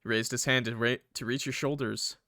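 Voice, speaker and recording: A young man reading a visual novel aloud as a gaming creator, breaking off into excitable, swearing reactions. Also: medium pitch, a little fast, dry recording, clean studio sound.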